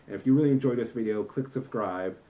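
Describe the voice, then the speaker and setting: A man's voice: lowish voice, quick pace, phone-quality sound. A young man in a comedic vlog rant about customers, talking in an exasperated, lecturing and emphatic way. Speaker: vlogger, former movie theater employee.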